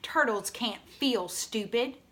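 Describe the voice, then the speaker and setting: A woman's voice: a little high, slow, fairly bright tone. A woman reading aloud and voicing a stubborn, boastful young boy with an insistent drawl. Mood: scoffing.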